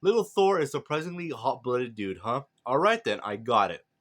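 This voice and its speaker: A man's voice: mid-range voice, big pitch swings, normal speed, fairly bright tone. A man voicing a laid-back, teasing male deity in a breezy way. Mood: amused.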